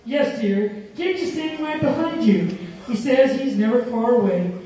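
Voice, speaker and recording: Woman playing a fake psychic, soothing, theatrical, slow mystic drawl, echoey far-off sound. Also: a little high, dark tone, natural voice. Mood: mock mystical. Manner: slow, drawn-out, mock-mystical delivery. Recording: very echoey room, voice far from mic.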